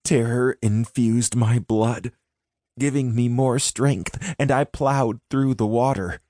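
Guy reading an audiobook in first person, dramatic and intense, medium pitch, unhurried. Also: fairly even intonation, mellow, no echo, clean studio sound. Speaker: audiobook narrator.

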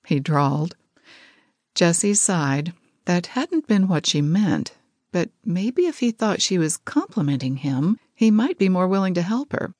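A woman narrates a romance audiobook at a measured storyteller's pace. Her voice sits on the low side, and the close studio recording is completely dry. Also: lively intonation, darkish tone, no room sound.

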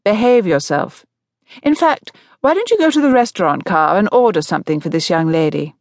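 A woman's voice: fairly low pitch, animated, moderate pace, darkish tone, no room sound, clean studio sound, natural voice. A woman voicing a stern, commanding older aunt in an audiobook. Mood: brisk. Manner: firm and commanding.

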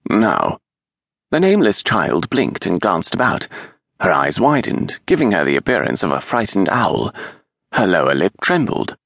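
A man reading a historical romance audiobook aloud in an expressive, measured storytelling manner, with a gravelly, husky voice on a close studio mic. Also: deep voice, dry recording. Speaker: audiobook narrator. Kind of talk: scripted narration of a historical romance.

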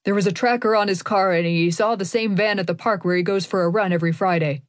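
A woman's voice: medium pitch, no room sound, clean studio sound, natural voice. A woman reading a furious, cursing priest. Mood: urgent. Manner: shouting, cursing, hurried. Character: furious bloodied male priest, urgent and swearing.

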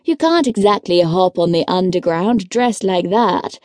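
A woman's voice: on the low side, expressive, a little slow, a little mellow, dry recording, voice pushed down. A woman narrator voicing a dry, teasing young male curate in an audiobook. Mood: wry. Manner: dry, teasing, matter-of-fact. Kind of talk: audiobook character voice.

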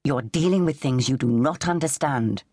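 A woman voicing a grave, stern male vicar who gives a slow warning. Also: very deep voice, mellow, breathy edge, no room sound, studio quality.

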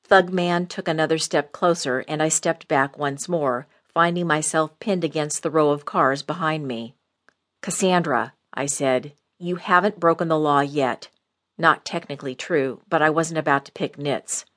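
Low-voiced woman narrating an audiobook. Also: fairly bright tone. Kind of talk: first-person thriller narration.

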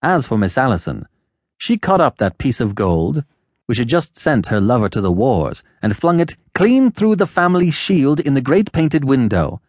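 A man narrating an old novel, measured and unhurried. His pitch stays lively from phrase to phrase. The recording is dry, with no room echo. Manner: measured, lowered storytelling voice. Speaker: audiobook narrator. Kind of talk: scripted narration of a classic novel.

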